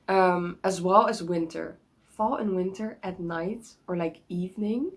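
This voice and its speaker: A woman's voice: medium pitch, lively intonation, measured pace, poor audio. Young woman vlogger at home, bubbly and rambling, laughs often. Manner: bubbly, rambling, giggly, many likes and restarts. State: sick. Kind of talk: casual chatty vlog.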